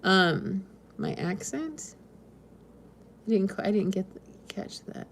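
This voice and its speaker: A woman's voice: medium pitch, animated, takes it slowly, a little hiss or hum. A woman from the West Coast hosting a casual live stream, chatting and reading viewer comments in a meandering way with frequent ums and small laughs. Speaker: homesteading channel host.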